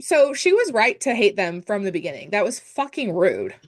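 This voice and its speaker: A young woman co-hosts a podcast, chatting casually about a movie in a very animated, medium-pitched voice at a moderate pace. She talks bluntly, swears, and quotes characters with gusto.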